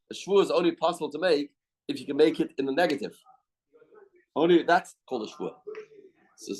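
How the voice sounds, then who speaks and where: Rabbi repeating questions in a lecture. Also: male voice, medium pitch, darkish tone, rough recording. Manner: repeats key questions while reasoning aloud. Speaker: rabbi teaching a Talmud class. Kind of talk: Talmud study lecture. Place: study hall.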